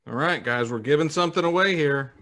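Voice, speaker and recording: A man co-hosting a casual podcast happy hour, reading out viewer comments in a relaxed, halting way with plenty of fillers. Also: on the high side. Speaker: podcast co-host. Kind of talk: casual live-stream chat.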